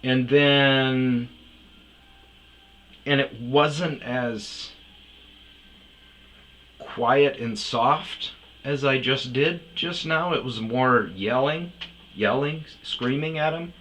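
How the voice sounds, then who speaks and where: A man's voice: mid-range voice, very slow, pauses often, fairly bright tone, a little hiss or hum. A man telling a story casually, rambling and swearing freely as he goes. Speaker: storyteller host.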